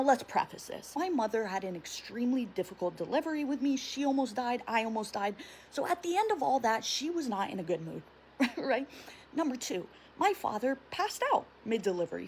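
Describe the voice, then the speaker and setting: Animated young woman, swearing storyteller. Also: a little high, a little hiss or hum. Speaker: TikTok creator. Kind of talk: storytime vlog.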